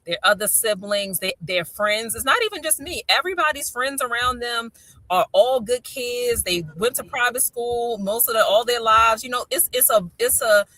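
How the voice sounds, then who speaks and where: A middle-aged woman with a Baltimore accent chats as a host and tells stories in a lively way, acting out the lines she quotes. Her voice is bright and forceful. The sound is close and dry. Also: on the high side, normal speed, no echo. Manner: animated storyteller, acts out quotes. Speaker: podcast host. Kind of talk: casual chat.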